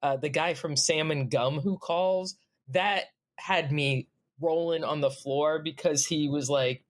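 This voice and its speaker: A woman's voice: sits low, slow. Chatty, enthusiastic woman. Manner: chatty, enthusiastic, laughs often. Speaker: podcast guest. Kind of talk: casual chat.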